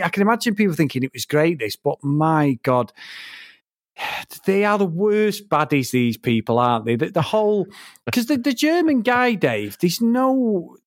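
Animated man, higher voice. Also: moderate pace, no room sound, clean studio sound. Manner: animated, swears, laughs a lot. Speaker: podcast co-host. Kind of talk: casual film review chat.

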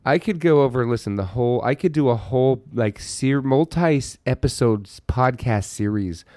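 A man co-hosting a podcast in casual chat, excitable and profane. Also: mid-range voice, normal speed, no room sound, clean studio sound. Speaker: podcast co-host.

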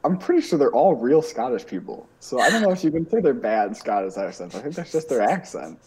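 A man's voice: mid-range voice, big pitch swings, brisk, darkish tone. A young man co-hosting a casual podcast, chatting in dry, easygoing banter. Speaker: podcast co-host.

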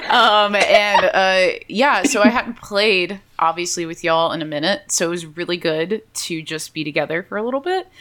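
A woman's voice: lowish voice, a bit bright. A woman guest player chatting casually, giggly and playful. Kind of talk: casual chat.

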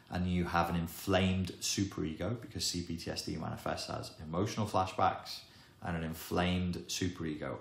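A man gives an emphatic self-help talk, wry in tone and fond of dramatic pauses. His voice sits very low. The sound is roomy and echoing. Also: gravelly. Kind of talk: explanatory monologue to camera. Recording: echoey room.

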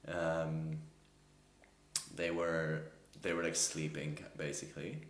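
A man's voice: a bass voice, level tone, takes it slowly, echoey room. A man co-hosting a podcast, telling a rambling story in casual chat and laughing often. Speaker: podcast co-host.

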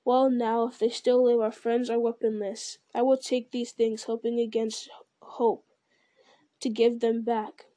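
A woman's voice: a little high, little pitch movement, unhurried, mellow, dry recording, natural voice. A woman voicing a grave, burdened male ranger and leader, speaking in a solemn, weary way. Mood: resolute.

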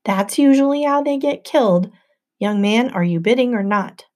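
A woman reads the part of a sneering man who runs a summer camp, impatient and mocking. He talks down to everyone in a mellow, warm tone, with a bit of added lift. It is a storybook audiobook read. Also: fairly high pitch, animated, normal speed, pitched above the performer's own voice, natural voice. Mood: scornful. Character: impatient, scornful male camp director. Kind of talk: audiobook narration.

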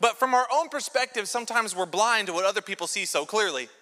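Bright-voiced male pastor in reverberant church. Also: high voice, quick pace. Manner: lively, jokey storytelling with props. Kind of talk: sermon. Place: large church sanctuary. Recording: long church hall reverb.

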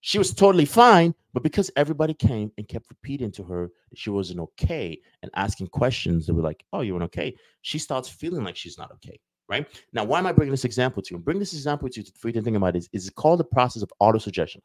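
A man's voice: mid-range voice, big pitch swings, quick pace, few pauses, dry recording. A man talking casually to his viewers, rambling through a lesson and acting out everyday scenes. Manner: rambling, acts out little scenes with voices. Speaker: self-help video host. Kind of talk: casual teaching talk to viewers.

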